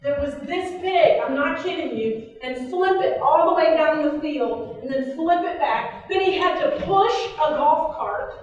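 A woman's voice: sits high, expressive, unhurried, hardly any pauses, a little mellow, muffled recording. Woman, middle-aged, passionate sermon, heard from a distance, very reverberant hall. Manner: passionate, emphatic, reads scripture aloud. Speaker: pastor. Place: church. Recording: echoey hall, mic at a distance.

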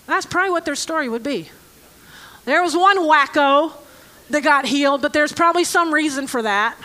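Female preacher, very high and bright, slow scripture reading broken by sarcastic jokes at the congregation. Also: expressive. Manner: joking, sarcastic asides to the congregation. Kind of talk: conversational sermon with Bible reading.

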